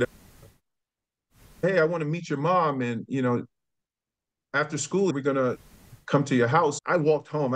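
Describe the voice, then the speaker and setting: A middle-aged man, a former college football player telling stories as a podcast guest, acting out the voices of the people in them. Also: mid-range voice. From New York. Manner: animated storyteller who acts out quotes. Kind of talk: casual storytelling.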